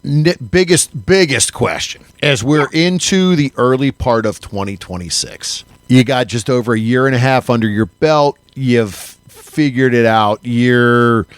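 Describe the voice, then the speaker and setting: A man co-hosting a podcast in casual chat, animated and halting, with frequent restarts and laughs. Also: medium pitch, no room sound. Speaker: podcast co-host.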